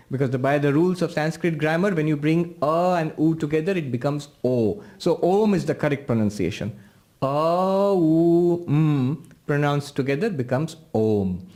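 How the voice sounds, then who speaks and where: Mellow-voiced man teaching meditation. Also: a little high. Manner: patient, instructive, guiding listeners through a meditation exercise; draws out chanted syllables slowly. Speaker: monk and spiritual teacher. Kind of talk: spiritual lecture.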